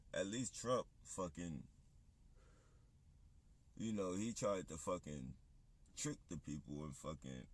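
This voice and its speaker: A man's voice: sits low, darkish tone, husky. A man on a livestream, ranting in a heated, profane, rambling monologue. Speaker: livestream host.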